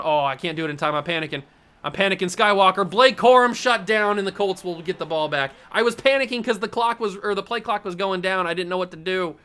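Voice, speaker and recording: A young man hosting a gaming channel, giving excitable play-by-play commentary on a football video game. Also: high voice. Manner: excitable play-by-play, gets loud on big plays.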